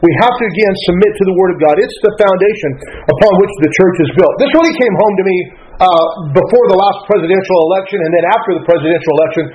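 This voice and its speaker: A man's voice: sits high, fast, muffled recording, a little hiss or hum. A middle-aged man, a pastor preaching a sermon in an earnest, conversational way and reading scripture aloud.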